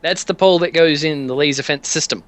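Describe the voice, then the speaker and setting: A man's voice: fairly high pitch, fast, pitched above the performer's own voice, close to an everyday voice. A man voicing a blunt, matter-of-fact male clerk at a fence shop, in a near-everyday voice.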